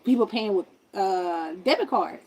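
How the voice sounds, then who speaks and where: A man's voice: high voice, animated, a little slow. A woman voicing a dismissive male gas station clerk who talks bluntly and sounds unbothered.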